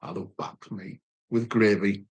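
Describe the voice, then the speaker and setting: A man's voice: lowish voice, fairly even intonation, a little slow, slightly rough. A man co-hosting a casual home live chat about food, chatting and reading out viewer comments. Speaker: cooking channel co-host.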